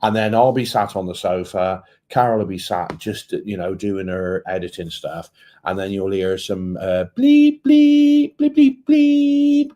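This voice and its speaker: A man's voice: sits low, steady tone, moderate pace, a little mellow. A man from Britain co-hosting a casual travel live stream, joking and teasing his co-host.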